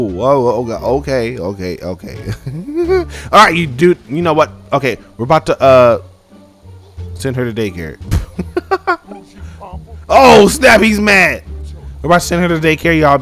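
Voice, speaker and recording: A young man hosting a gaming channel, giving excitable, casual let's-play commentary and talking straight to his viewers. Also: medium pitch. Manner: excitable, animated, talks to viewers as "y'all".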